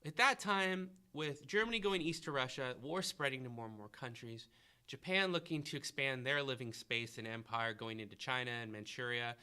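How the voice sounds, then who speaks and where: A man's voice: medium pitch, moderate pace, sharp tone, clear, resonant tone. A man hosting a history review podcast, asking a student questions and encouraging the answers. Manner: questioning, encouraging, thinking aloud. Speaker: history teacher and podcast host.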